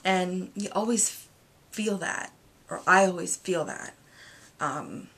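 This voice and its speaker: A woman in her thirties, a single mom, talking candidly in a confessional vlog, rambling and hesitant, with many pauses and fillers. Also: on the low side, expressive, fairly bright tone, husky. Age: 30s. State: emotional, near tears at moments. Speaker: vlogger.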